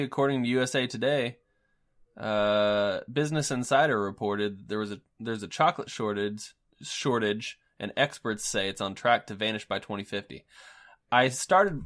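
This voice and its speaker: A man's voice: medium pitch, normal speed, a bit bright. A man co-hosting a podcast, bantering in a teasing, joking way with frequent fillers. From Missouri. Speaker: podcast co-host. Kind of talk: casual chat.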